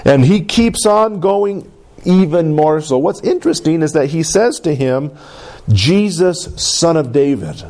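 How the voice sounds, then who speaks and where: A man preaching a sermon, animated and acting out the quoted cries with big swings in his voice. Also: a little high, unhurried. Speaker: pastor.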